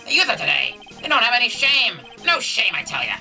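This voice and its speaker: Woman doing a cranky old grandpa, gruff and loud, game music underneath. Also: medium pitch, big pitch swings, quick pace, voice pushed up. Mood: scolding. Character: grouchy old man, shouting and scolding.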